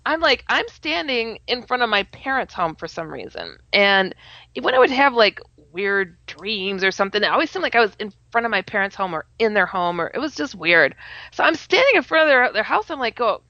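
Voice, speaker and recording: A woman telling a personal story in casual talk, animated, often laughing and acting out her own quoted words. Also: mid-range voice, a little fast, no room sound. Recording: slightly muffled audio.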